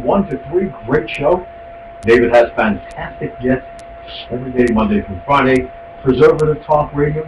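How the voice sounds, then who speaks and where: A male radio talk show host delivering an angry, mocking monologue and hurling insults at his targets. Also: mid-range voice. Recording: echoey, distant, with hum.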